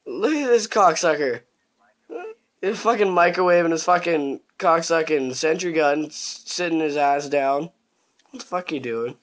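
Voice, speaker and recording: A young man giving casual, crude gameplay commentary, swearing constantly and bursting into excitement. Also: fairly high pitch.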